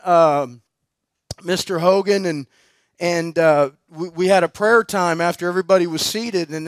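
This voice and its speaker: A man's voice: sits high, a bit bright, smooth, no room sound. A man preaching at a conference, telling a personal story in a chatty way, laughing often and full of fillers and restarts. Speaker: guest preacher. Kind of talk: sermon storytelling.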